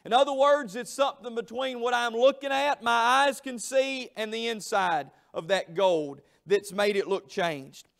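A middle-aged man, preaching a revival sermon in a church, telling a story with emphatic, drawn-out phrases. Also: very high voice, vocal fry, a bit bright. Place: church sanctuary.

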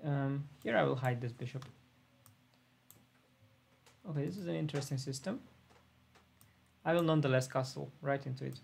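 A man's voice: medium pitch, normal speed, creaky, long pauses, husky. A laid-back man thinking aloud as he plays an online chess simul on a live stream. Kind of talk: live-stream commentary while playing.

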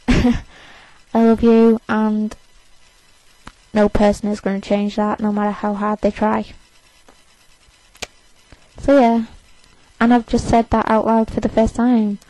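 A woman's voice: mid-range voice, dark tone, dry recording, low-quality recording. Overtired eighteen-year-old woman rambling defiantly. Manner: rambling, defiant and self-conscious. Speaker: vlogger. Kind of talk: casual to-camera rant.

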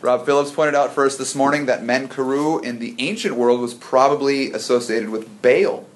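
A man's voice: mid-range voice, normal speed. A man leading an informal church Bible study for a small group, chatty and prone to stumbling over words.

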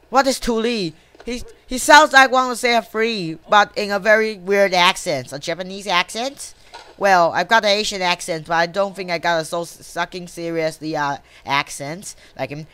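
A woman's voice: lowish voice, expressive, moderate pace, a bit bright, no echo. A woman giving casual commentary while playing a game, often swearing and grumbling at the plays, talking to herself and her viewers. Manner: talks to self and viewers between plays. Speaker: gamer.

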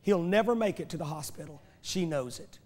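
A man's voice: fairly high pitch, lively intonation, fairly quick, a little mellow. A man preaching a revival sermon in a church, driving home his points with rhetorical questions and repeated phrases. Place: large church sanctuary. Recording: echoey church hall from a VHS tape.

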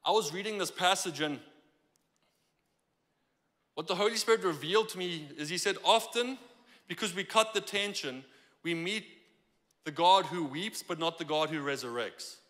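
A high, bright male voice delivers a lively sermon in a church sanctuary. His talk is conversational and animated, and he slips into little voices for the people he quotes. Long reverb rings through the hall. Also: normal speed, long pauses. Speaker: pastor.

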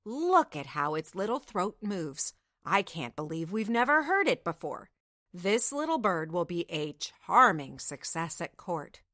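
A self-important court knight, as a woman puts him on in a storybook reading, his voice dropped low and booming. He drawls his praise slowly and grandly. The sound is dry and close. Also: big pitch swings, bright, forceful tone, no room sound, full character voice. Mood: admiring. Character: pompous male knight of the court, grand and hearty.

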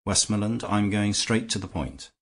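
A man voicing a calm shrewd gentleman detective. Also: lowish voice, voice pushed up. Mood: calm, mild. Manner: mild, measured, abstracted.

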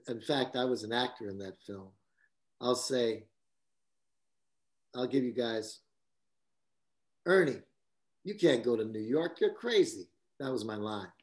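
A man speaking as a guest cinematographer, telling stories casually with a lively delivery, laughing often and acting out quotes. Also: medium pitch. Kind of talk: casual anecdotal storytelling.

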